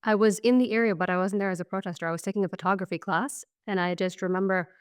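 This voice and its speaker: Smooth-voiced woman recalling her story. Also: mid-range voice, steady tone, quick pace. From Syria. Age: 30s. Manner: reflective, casual, many fillers. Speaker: guest. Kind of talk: personal testimony in conversation.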